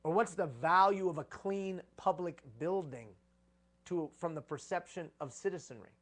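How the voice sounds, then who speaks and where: A man's voice: fairly high pitch, moderate pace, a bit bright. A man giving a live conference talk on leadership, preaching with repeated phrases for emphasis.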